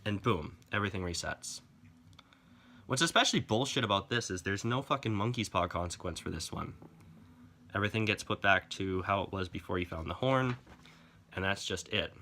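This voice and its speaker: A man's voice: fairly low pitch, moderate pace, bright, forceful tone, a little hiss or hum. A man giving a casual, profane comic book review, exasperated and sarcastic as he rants.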